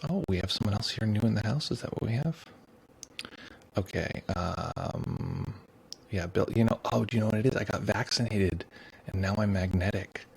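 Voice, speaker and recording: A man's voice: fairly low pitch, sing-song, normal speed, creaky, darkish tone, slightly rough, low-quality recording. A man hosting a meditation livestream in a casual, joking way, reading viewer comments aloud. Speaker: meditation teacher. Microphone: streaming mic with headphones.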